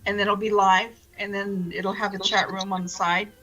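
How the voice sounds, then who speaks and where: Bright-voiced woman co-host welcoming guests. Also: mid-range voice, level tone, moderate pace, faint music behind, low-quality recording. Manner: warm, upbeat, laughs often. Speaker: radio show co-host. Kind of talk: casual chat, announcing guests.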